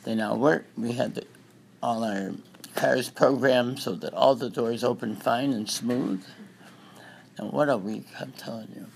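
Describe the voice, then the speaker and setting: Gravelly-voiced man, dry humor, relaxed group chat, noisy background. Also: medium pitch, a little slow. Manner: wry, laughing asides. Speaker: group member sharing news. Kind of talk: casual chat.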